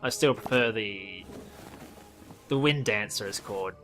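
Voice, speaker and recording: A man's voice: fairly low pitch, unhurried, a bit bright, faint music behind. An Australian man casually commenting on a game update, rambling and correcting himself as he goes. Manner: rambling, self-correcting, offhand. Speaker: gaming video host.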